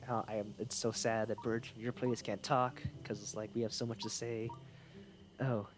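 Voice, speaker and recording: A man's voice: on the low side, flat delivery, normal speed, noisy background, lightly acted. A chatty talking island bird from a video game speaks, read out by a man. The delivery is plain and conversational, with little put-on voice.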